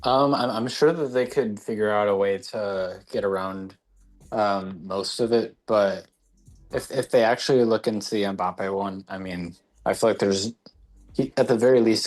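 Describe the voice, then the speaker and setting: A man's voice: on the low side, a little mellow. A man co-hosting a football podcast, speaking casually and frankly with hesitant restarts. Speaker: co-host.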